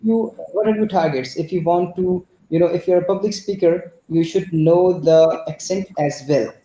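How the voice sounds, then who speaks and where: A man's voice: high-pitched, moderate pace, mellow. Pakistani man, hesitant, echoey dull call. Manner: hesitant, many fillers and restarts. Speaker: class participant. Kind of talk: explaining in an online conversation class.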